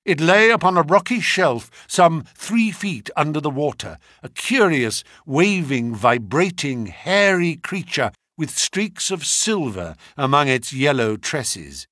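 A man giving a scripted narration of a classic detective story, telling it in the first person in an expressive, dramatic way. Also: fairly high pitch, slow, hardly any pauses, no room sound, studio quality. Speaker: audiobook reader.

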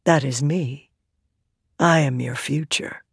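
A woman voicing a soft-spoken, smoke-headed female spirit who speaks in a calm, insistent, coaxing way. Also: very deep voice, takes it slowly, gravelly, slightly rough, no echo, studio quality, full character voice. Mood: quietly insistent. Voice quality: soft, quiet.

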